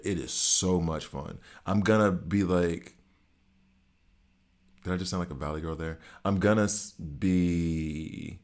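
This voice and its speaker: A middle-aged man chatting casually on a game live stream, teasing his chat and reacting to gameplay. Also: sits low. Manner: chatty, teasing chat readers, talks to viewers while playing. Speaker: gaming streamer.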